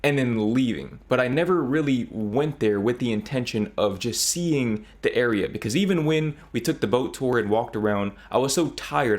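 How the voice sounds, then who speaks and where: An American man hosting a reaction video, talking through his thoughts in a chatty, reflective way. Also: lowish voice. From United States. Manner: chatty, reflective, thinking aloud. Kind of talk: casual commentary.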